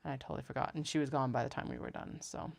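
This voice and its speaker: A woman's voice: a bass voice, steady tone, rapid-fire, creaky. A woman chatting casually on a livestream, rambling and laughing often. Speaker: craft business owner.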